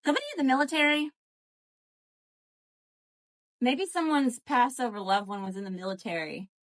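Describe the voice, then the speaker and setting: Brief: woman tarot reader, slightly high voice, lively and profane, chats to viewers live. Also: fast. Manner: animated, profane, addresses viewers as y'all.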